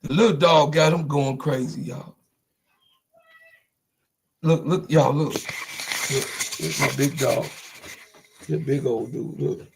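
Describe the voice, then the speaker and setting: A man with a Chicago accent hosting a casual livestream, talking loosely and shouting out his viewers. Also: mid-range voice, steady tone, slow pace, gravelly, pauses often, husky. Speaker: livestream host. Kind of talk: casual live-stream chat.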